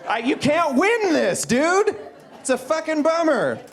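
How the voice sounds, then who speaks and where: A man's voice: very high voice, sing-song, measured pace, creaky. A man doing a stand-up roast on a comedy club stage, brash and mocking, laughing at his own jokes. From Manitoba, Canada.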